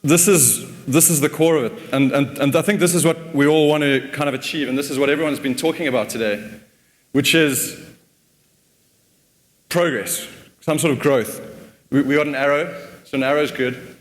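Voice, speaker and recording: Conference speaker in a reverberant hall. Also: male voice, fairly high pitch, normal speed. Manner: casual, repeats words while thinking. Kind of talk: conference talk.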